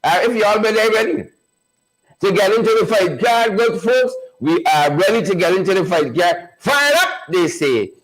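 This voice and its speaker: A man's voice: high voice, lively intonation, moderate pace, a bit bright, low-quality recording. A man hosting a live online show, repeating phrases and hyping up viewers he greets by name. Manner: repetitive, hype-building, calls out viewers by name. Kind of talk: energetic live-stream chat, greeting viewers.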